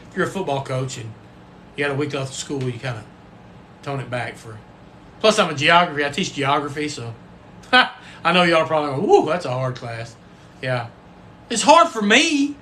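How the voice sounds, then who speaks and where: A man's voice: medium pitch, sharp tone, a little hiss or hum. A man hosting a casual livestream, folksy and rambling, with the odd cuss word. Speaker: livestream host and football coach.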